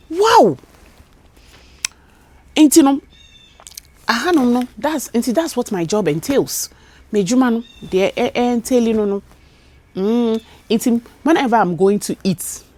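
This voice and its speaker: A woman's voice: fairly low pitch, slightly rough. A young woman from Ghana with a Ghanaian English accent, chatting casually as a vlogger, acting out conversations and slipping into Twi phrases. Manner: animated, acts out dialogue, mixes in Twi phrases. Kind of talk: casual storytelling chat.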